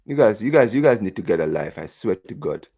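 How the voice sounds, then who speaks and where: A man with a husky, lowish, fairly quick voice runs a live football reaction stream, ranting with animated sarcasm as fans would. Words get repeated, and "bro" comes up often.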